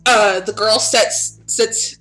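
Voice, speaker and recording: A woman's voice: medium pitch, fairly even intonation, slow, fairly bright tone, soft background music. A woman game master narrating a tabletop game in a casual, chatty way, full of fillers and swearing.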